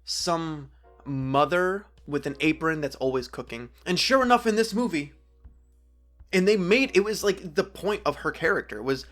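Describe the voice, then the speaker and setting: A man's voice: fairly high pitch, lively intonation, normal speed, a bit bright, soft background music. A young man hosting a podcast, chatting loosely about movies, rambling and acting out quotes in silly voices. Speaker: podcast host. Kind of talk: casual solo podcast talk about movies.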